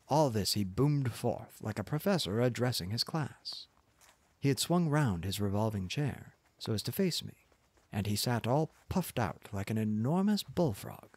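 A man softly narrating a classic novel in a calm, measured way. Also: on the low side, husky, no echo. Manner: soft, unhurried, measured. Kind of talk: softly spoken audiobook narration.

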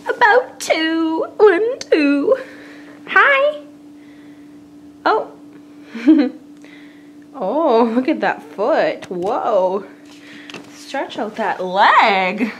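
A woman's voice: high-pitched, very animated, drawn-out words, long pauses, a bit bright, slight background noise. A young woman vlogging casually, muttering to herself as she unboxes things and cooing at her cats. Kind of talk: casual vlog chat.

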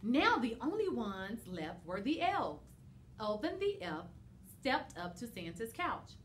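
A woman teacher reads a holiday storybook aloud for young children. Her voice moves with lively, swinging pitch, and a faint background hum runs beneath it. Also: takes it slowly. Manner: expressive, animated.

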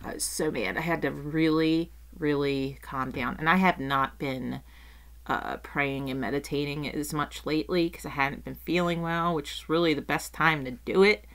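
A woman's voice: sits low, normal speed. A middle-aged woman telling a story in a casual rant, swearing freely and acting out what people said. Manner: animated, swears casually, acts out quotes. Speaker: vlogger.

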